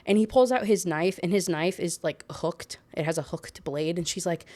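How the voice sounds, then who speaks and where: A woman's voice: on the low side, moderate pace, hardly any pauses, a little mellow. A young woman giving a casual, ranting book review, summing up the plot in a sarcastic, exasperated way with lots of fillers.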